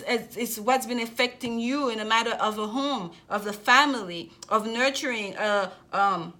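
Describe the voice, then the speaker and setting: A woman's voice: fairly high pitch, normal speed, few pauses, sharp tone. A woman giving a general tarot reading to camera as the host, talking effusively and repeating her phrases often. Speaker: tarot reader.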